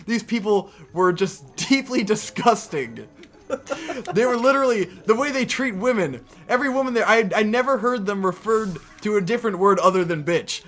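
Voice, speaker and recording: Young male co-host, high voice, swears constantly, animated exasperated storyteller. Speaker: podcast co-host. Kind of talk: casual storytelling rant.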